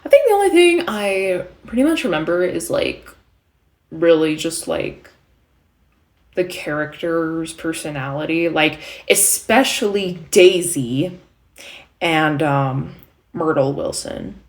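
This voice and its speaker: A woman's voice: low-pitched, animated, slow pace. A young woman vlogging casually, rambling with many fillers and self-corrections. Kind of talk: casual vlog chat.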